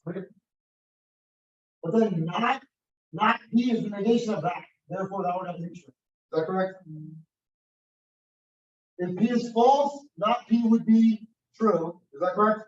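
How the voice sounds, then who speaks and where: A man teaches a math class on logic in a relaxed, conversational way, with wry asides and frequent checks that students follow along. His voice sits a little high for a man. The recording is dull and lo-fi, as if captured in a classroom. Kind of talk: classroom lecture.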